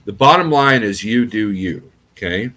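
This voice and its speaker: Here a trucker YouTuber, a middle-aged man, speaks in a rambling, laid-back vlog, often checking in with "okay?". His lowish voice has lively intonation, a moderate pace and a bright, forceful tone, with slight background noise behind it.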